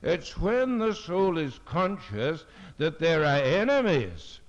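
An older preacher delivers a sermon at a very unhurried pace, drawing each phrase out with weight. His pitch rises and falls in lively sweeps as he leans on key words. The old recording sounds dull and muffled. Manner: slow, deliberate, emphatic, with solemn scripture reading. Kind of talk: sermon at a fellowship meeting.

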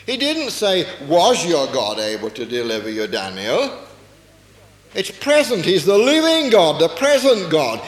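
A man preaching a sermon, explaining a Bible passage earnestly and often asking rhetorical questions. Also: on the high side. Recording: echoey hall with long reverb.

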